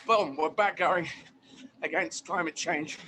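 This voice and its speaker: A man being interviewed as a guest comedian, talking in an animated, emphatic way and repeating phrases for effect. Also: fairly high pitch, unhurried, background noise. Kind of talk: casual interview chat.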